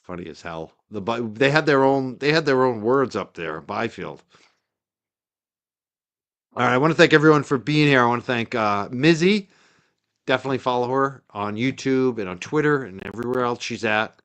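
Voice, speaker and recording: Male livestream host, North Shore Massachusetts accent, mid-pitched, loose and rambling delivery. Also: animated, moderate pace, fairly bright tone. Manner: chatty and rambling, with frequent "uh" fillers. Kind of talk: casual livestream chat.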